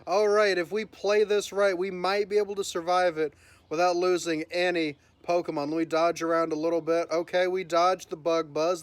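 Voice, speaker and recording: A man's voice: high-pitched, clean tone, no room sound. A man hosting his gaming channel, giving upbeat live commentary and narrating each move as it happens. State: voice cracking from early morning.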